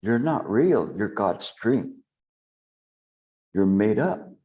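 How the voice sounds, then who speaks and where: A male meditation teacher delivering a dharma talk with a mellow, dark voice. He speaks very slowly and with deliberate pauses, letting each phrase settle before moving on. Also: on the low side, sing-song. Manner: slow, deliberate, with long pauses.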